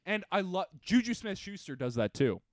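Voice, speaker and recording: A man co-hosting a casual podcast, telling stories in an animated, agreeable way. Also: sits high, normal speed, no room sound, clean studio sound. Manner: animated, agreeable, excitable storytelling. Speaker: podcast co-host. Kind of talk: casual chat.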